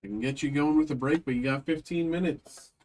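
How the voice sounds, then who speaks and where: A man's voice: fairly high pitch, a little fast, a little mellow, low-quality recording. A man hosting a live card-break stream, chatting casually to viewers and humming nonsense beeps while he works. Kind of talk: casual livestream chat. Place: shop stream room.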